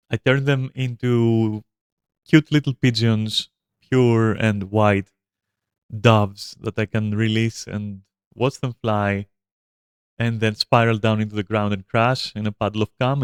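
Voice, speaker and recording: Animated, foul-mouthed male streamer, dry sound. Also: fairly low pitch, measured pace, clear, resonant tone, no echo. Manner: animated, profane, frequent fillers and self-interruptions; chats to viewers and a pet between stories. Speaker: game streamer. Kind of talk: casual storytelling on a live stream.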